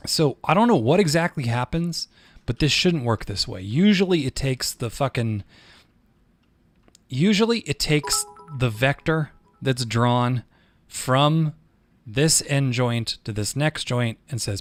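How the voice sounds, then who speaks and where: A male streamer talking through a 3D rigging tutorial in a loose, rambling way, cursing freely whenever the software frustrates him. His pitch sits in an ordinary middle range. The sound is dry and close on a desk mic, with no room around it. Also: expressive, a little slow, no echo. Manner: profane, rambling, easily frustrated. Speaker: streamer and 3D artist. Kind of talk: casual livestream tutorial.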